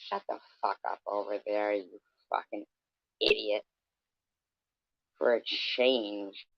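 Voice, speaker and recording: A man's voice: fairly low pitch, fairly even intonation, slow pace, creaky, no echo. A man ranting in a scornful, profane, rambling way, as a vlogger talking casually to his viewers. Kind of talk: casual rant. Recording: dull, dry lo-fi recording.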